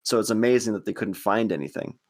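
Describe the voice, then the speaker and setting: A man with a fairly low voice, chatting casually on a podcast. He laughs lightly as he talks. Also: fast talker. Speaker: podcast co-host. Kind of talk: casual chat.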